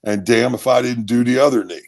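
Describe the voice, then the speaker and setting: A man's voice: mid-range voice, brisk, gravelly. A middle-aged man from Maryland, a former college football player, telling stories casually and acting out other people's voices. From Maryland, USA. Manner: animated storyteller who acts out other voices. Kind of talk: casual storytelling.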